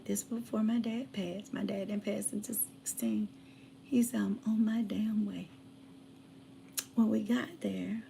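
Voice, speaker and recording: A woman telling a personal story in casual chat, drifting from hushed asides to loud emphatic bursts. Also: medium pitch, vocal fry, a little hiss or hum. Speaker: channel host.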